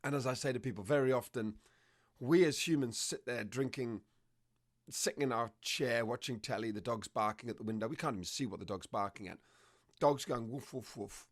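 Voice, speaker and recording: A man explaining dog behavior as a trainer, telling lively stories and acting out what dogs and owners say. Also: medium pitch, fairly quick. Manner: animated storytelling, acts out dog and owner voices. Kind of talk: conversational explanation.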